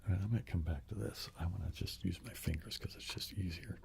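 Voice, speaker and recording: A man hosting a live ASMR stream, whispering and speaking softly in a rambling, chatty way to his viewers. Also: deep voice, a little fast, gravelly, background noise. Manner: whispering and soft speaking while tapping a glass jar.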